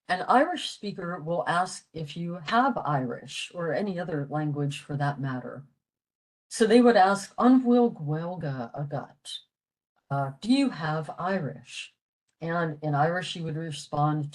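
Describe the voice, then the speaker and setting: Older woman presenting a library lecture; slow, deep, halting delivery full of "uh"s. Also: rough recording. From western Pennsylvania, USA. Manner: halting, with frequent "uh" fillers. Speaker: presenter of a library language talk. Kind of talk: explaining a lecture.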